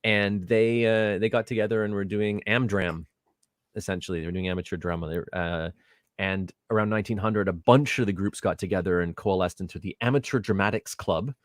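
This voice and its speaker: A middle-aged man on a video call interview, telling stories in a rambling, self-deprecating, animated way through a home microphone. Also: fairly low pitch, a little fast, dry recording, clean studio sound. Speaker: guest, theatre artistic director. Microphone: home USB microphone on video call.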